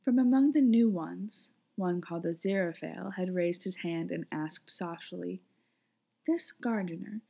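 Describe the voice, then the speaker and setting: Female story reader, low and gravelly, gentle lyrical delivery. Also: moderate pace, hardly any pauses. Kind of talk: reading fan fiction aloud.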